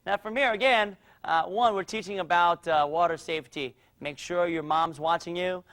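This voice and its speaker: A man's voice: high-pitched, moderate pace. A man teaching a kids' martial arts class, calling out drills with energy in a studio. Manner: energetic coaching, calls out drills.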